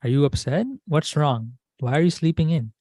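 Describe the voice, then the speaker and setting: A teacher doing a stern mistress of the house with a short temper, in a spoken storybook tale. The tone is warm and low-key, close and dry. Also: normal speed, no room sound, close to an everyday voice. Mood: questioning. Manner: plain retelling of quoted speech. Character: stern female master, quick to anger.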